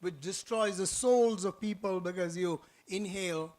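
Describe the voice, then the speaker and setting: A man's voice: high-pitched, a little slow, darkish tone. A man voicing a potter's nagging, moralizing wife in a spoken story. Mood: lecturing. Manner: preachy, insistent.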